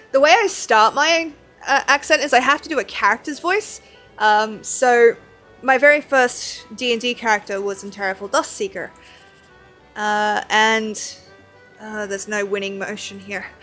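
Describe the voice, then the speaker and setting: A woman chats casually while she streams a game, rambling from topic to topic with plenty of fillers. Her voice sits fairly high, and faint game music plays beneath it. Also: fairly bright tone. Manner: rambling, chatty, self-deprecating with many fillers. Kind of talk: casual chat while playing.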